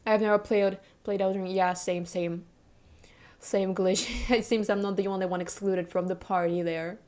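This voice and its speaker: A woman's voice: mid-range voice, fairly even intonation, moderate pace, a little mellow. Young adult female streamer, casual rambling chat, frequent giggles and restarts, mid-range voice. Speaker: VTuber streamer.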